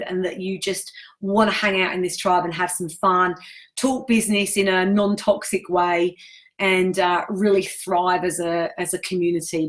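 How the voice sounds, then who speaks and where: A woman, likely in her thirties, hosting a casual livestream for her business community, effusive and emotional as she reads out viewer comments. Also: lowish voice.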